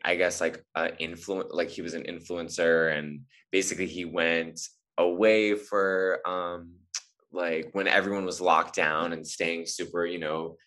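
Very deep-voiced rambling male guest. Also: a bit bright. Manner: rambling, hesitant, lots of fillers. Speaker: podcast guest, actor. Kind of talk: casual chat.

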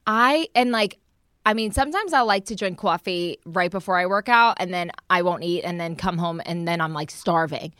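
A woman's voice: fairly low pitch, normal speed, a bit bright, smooth, no room sound, clean studio sound. A young woman from New Jersey hosting a podcast, chatting casually, swearing now and then and restarting her sentences. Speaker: podcast host. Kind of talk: casual chat.

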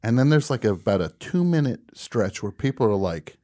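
A man hosting a radio show, telling a comic story in a casual, animated way and laughing at his own punchlines. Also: mid-range voice, moderate pace.

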